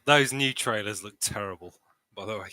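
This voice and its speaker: A man's voice: fairly low pitch, normal speed, pushed and bright, no echo, poor audio. A man playing a tabletop game, chatting bluntly and jokingly. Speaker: player. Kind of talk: casual tabletop game chat.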